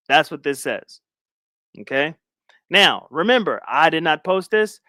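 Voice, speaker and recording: Slangy man streaming, lively pitch. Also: unhurried, no echo, studio quality. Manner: loose, slangy, repeats phrases. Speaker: live stream commentary host. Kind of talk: casual live stream commentary.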